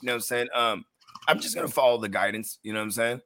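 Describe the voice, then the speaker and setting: A middle-aged man co-hosting a fantasy football show, talking in casual slang and telling animated stories. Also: medium pitch, quick pace, dry recording. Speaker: podcast co-host. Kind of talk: casual chat.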